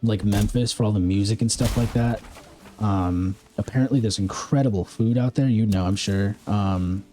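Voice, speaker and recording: A man's voice: on the low side, moderate pace, dark tone, faint music behind. A man from the American Midwest streaming a game, chatting casually and rambling while answering his chat. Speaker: live streamer.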